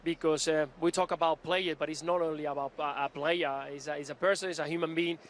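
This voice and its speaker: A man speaking as a football pundit, halting with many restarts and fillers. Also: on the high side, steady tone, fairly bright tone, slight background noise. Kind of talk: live pre-match punditry.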